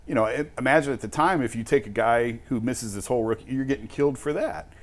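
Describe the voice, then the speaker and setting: Fast-talking sports co-host man. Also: mid-range voice. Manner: animated, emphatic arguing. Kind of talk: casual sports talk.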